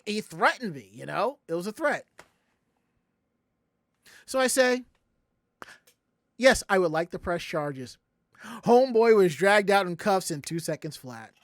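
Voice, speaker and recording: A Southern American man with a high voice hosts a casual podcast, recorded dry and clean in a studio. He tells a long, animated story, acting out every quoted line in its own voice.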